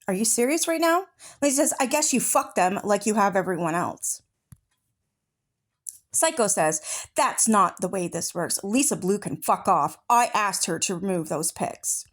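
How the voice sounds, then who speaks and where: A woman's voice: medium pitch, lively intonation, moderate pace. A woman hosting an online commentary channel, reading chat messages aloud and cutting in with angry, profane outbursts. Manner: furious, profane, confrontational. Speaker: true-crime commentary channel host.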